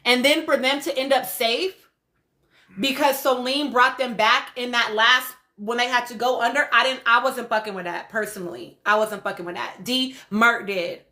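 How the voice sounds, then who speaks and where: Woman host, high bright voice, blunt and cussing in casual recap talk. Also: moderate pace. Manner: blunt, profane, animated commentary with laughs. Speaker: podcast host. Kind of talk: casual reality-show recap livestream.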